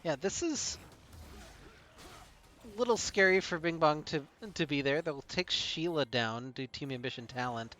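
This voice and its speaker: A man casting a live esports match play-by-play, brisk and chuckling often between calls. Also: on the high side, expressive, sharp tone. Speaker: play-by-play caster.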